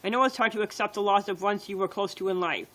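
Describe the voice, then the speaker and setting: A woman's voice: medium pitch, fast talker, fairly bright tone, low-quality recording. A woman reading her own poems on a livestream, in plain and earnest short sentences.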